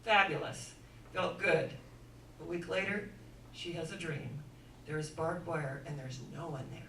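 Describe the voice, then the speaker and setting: A woman giving an inspirational sermon-style talk, telling stories dramatically and swinging from hushed to loud. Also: low-pitched, steady tone, measured pace, slight background noise. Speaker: inspirational speaker. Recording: echoey room, voice from far off.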